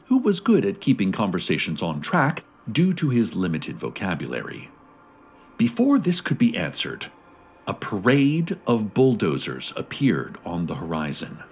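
A man narrates a fictional radio broadcast in a slow, deadpan announcer style. His low voice is husky, and his pitch rises and falls dramatically. Faint music plays behind him.

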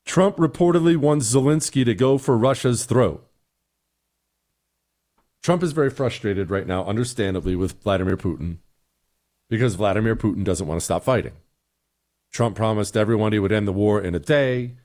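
A man's voice: fairly low pitch, normal speed, long pauses, darkish tone. Middle-aged male host, blunt, sarcastic opinion talk. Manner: emphatic, sarcastic, repeats points. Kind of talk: opinionated commentary and listener emails.

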